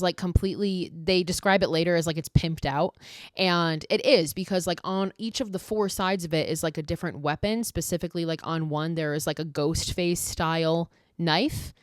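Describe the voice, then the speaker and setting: A woman's voice: lowish voice, clear, resonant tone, no room sound, clean studio sound. A woman hosting a podcast, recapping a horror film in a chatty, profane way full of "like" fillers. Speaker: podcast host.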